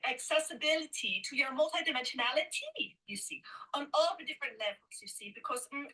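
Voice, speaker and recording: A woman channeling a female Pleiadian light being who teaches gently, humming "mm" and saying "you see" as she searches for words. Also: high voice, recorded from a distance, rough recording. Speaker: trance channel.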